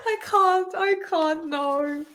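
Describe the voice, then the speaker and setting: A woman's voice: very high voice, fairly bright tone. Giggly chatty woman teaching English. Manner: chatty, giggly, laughs often. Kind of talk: casual live-stream vocabulary lesson. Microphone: desk camera mic on a makeshift stand.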